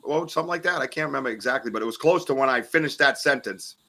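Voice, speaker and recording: A man hosting a podcast, telling an outdoor encounter in an animated way and swearing when he gets worked up. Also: mid-range voice, very fast. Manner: animated, swears and yells when retelling scares. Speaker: podcast host. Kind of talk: casual storytelling interview.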